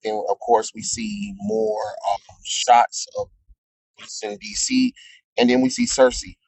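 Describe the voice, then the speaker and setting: A man's voice: medium pitch, huge pitch swings, measured pace, gravelly, a little mellow, breathy edge, low-quality recording. A man casually recapping a comic book issue, rambling with frequent ums and chuckling at his own jokes.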